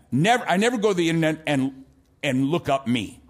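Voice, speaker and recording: A middle-aged American man preaching a sermon as pastor, telling stories animatedly and rising into shouts for emphasis. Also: fairly high pitch, lively intonation, fairly quick. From United States.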